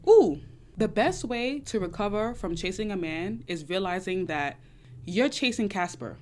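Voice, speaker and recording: A young woman hosts a casual chat and answers audience questions about dating. She is emphatic and preachy, hammers home the same points, and talks a little loud and excited in a mid-pitched voice. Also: normal speed. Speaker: dating advice host.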